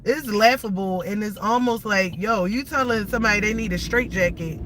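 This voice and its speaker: A woman's voice: mid-range voice, normal speed, a bit bright, poor audio. A woman in her thirties on a live stream, cursing and ranting heatedly at viewers while she drives. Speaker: livestreamer. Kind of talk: angry live-stream rant. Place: inside a car while driving. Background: faint car noise.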